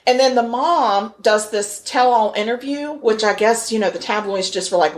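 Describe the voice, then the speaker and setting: A woman's voice: a little high, moderate pace. A middle-aged woman co-hosting a podcast, chatting casually as a jokey storyteller who laughs often. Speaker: podcast co-host. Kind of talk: casual chat.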